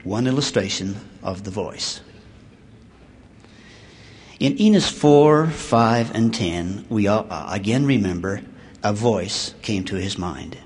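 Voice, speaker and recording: A man giving a sermon, reading scripture aloud in a measured way that slows and swells on the verses. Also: fairly low pitch, darkish tone, slight background noise. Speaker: church speaker.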